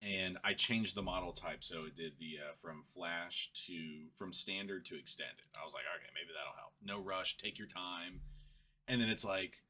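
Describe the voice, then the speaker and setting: Deep-voiced and sharp in tone, a young vlogger speaks at normal speed in a casual screen-recorded rant about an annoying conversation. His exasperation builds into laughter mixed with frustration.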